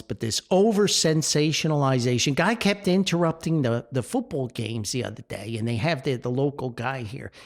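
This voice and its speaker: An older man from New with a gravelly, creaky voice delivers a grumpy podcast rant. His pitch swings widely as he talks, and he sounds exasperated and laughs often. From Paterson, New Jersey. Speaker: podcast host.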